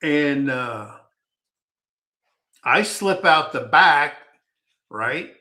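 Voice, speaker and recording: A man's voice: on the high side, lively intonation, extremely slow, pushed and bright. A man telling a personal story in a casual, rambling, folksy way, often stopping to restart his sentences.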